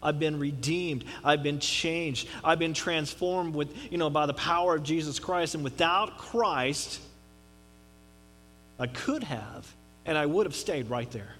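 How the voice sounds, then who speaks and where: A man preaching a conversational sermon, swinging between quiet, low asides and emphatic rising declarations. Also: unhurried, long reverb tail. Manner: conversational preaching with dramatic drops and rises. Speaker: pastor.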